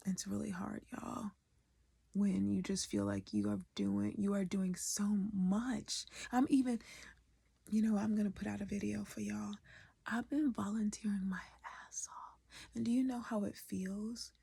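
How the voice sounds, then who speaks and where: Woman, educator vlogger; very husky, fry-laden voice; emotional, candid, swears, half-whispers; dry close sound. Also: mid-range voice, unhurried, warm tone, no echo. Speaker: educator and artist. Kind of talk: raw confessional vlog.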